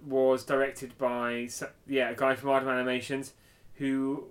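A man co-hosting a podcast in casual chat, relaxed and chatty as he announces each track. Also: mid-range voice, normal speed. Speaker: podcast co-host.

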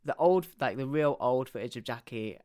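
A man's voice: medium pitch, animated, mellow. Playful male podcast co-host. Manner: playful, jumps in with quick agreement. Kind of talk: casual chat.

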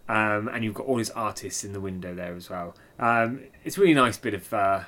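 A man hosting a casual album review chat, easygoing and presenter-like, often pausing on fillers. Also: lowish voice, a bit bright. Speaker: podcast host.

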